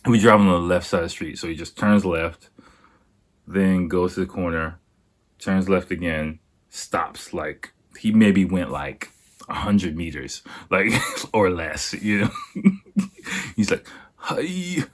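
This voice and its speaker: A man's voice: sits low, slow pace, long pauses. A young man hosting a podcast, telling a story casually, laughing often and acting out quotes. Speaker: podcast host.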